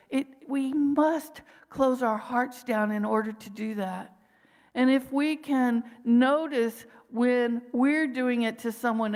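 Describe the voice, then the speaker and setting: A woman's voice: on the high side, gravelly. Woman minister preaching in a reverberant hall. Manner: gentle, slow guiding pauses with breathing cues. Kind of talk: sermon.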